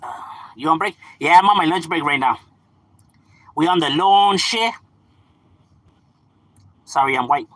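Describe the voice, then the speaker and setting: A bright, bouncy man's voice, swinging high and low as he chats casually on a livestream. His tone is husky and close to the mic. He is full of slang, slips into Spanish, and laughs easily. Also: expressive, unhurried, long pauses, no echo. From Los Angeles, California. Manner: slangy, laughs often, switches into Spanish words. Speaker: livestream host reading chat.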